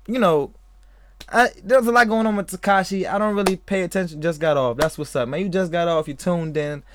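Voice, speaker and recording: A man's voice: sits high, a little fast, background noise. A man hosting a podcast in a casual, rambling way, a little tipsy, laughing often and talking to live chatters. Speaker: podcast host. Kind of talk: casual live-stream chat.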